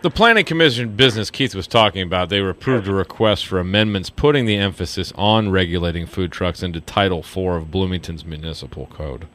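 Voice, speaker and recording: A man's voice: sits low, brisk, few pauses, fairly bright tone. A man hosting a radio show, chatty and teasing in a casual chat. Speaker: radio host.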